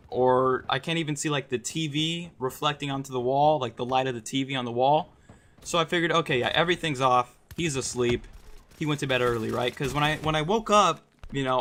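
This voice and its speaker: A man's voice: medium pitch, a bit bright. A young man casually telling a personal story, rambling and swearing a lot, with frequent "like" and "right?". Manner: rambling, profane, lots of "like" and "right?".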